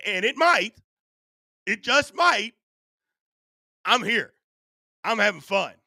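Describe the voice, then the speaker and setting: Male stream host, voice fading hoarse; bright, edgy tone, dry close-miked sound, casual chat with the audience. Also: sits high, no echo. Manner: animated, reads and answers chat. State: voice going hoarse. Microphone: studio USB microphone.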